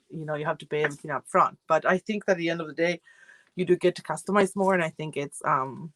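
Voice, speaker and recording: Woman, low voice, dry close sound, chatty livestream host, rambling with fillers. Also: a bit bright, dry recording. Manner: chatty, rambling, many fillers and self-corrections, greets viewers by name. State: feeling cold. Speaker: subscription box reviewer hosting a livestream. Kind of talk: casual livestream chat with viewers. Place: home room.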